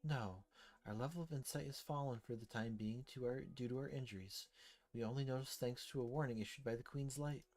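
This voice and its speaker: A man reading a brisk, commanding queen. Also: medium pitch, darkish tone, close to an everyday voice. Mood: composed. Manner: brisk, composed, orders others to the point. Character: regal, commanding young queen of a fleet.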